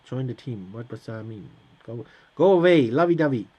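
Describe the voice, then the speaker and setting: A man's voice: mid-range voice, expressive, normal speed, dull audio. A man hosting a let's play, reading on-screen game text aloud and answering it with hesitant, sarcastic asides. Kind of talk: casual gameplay commentary.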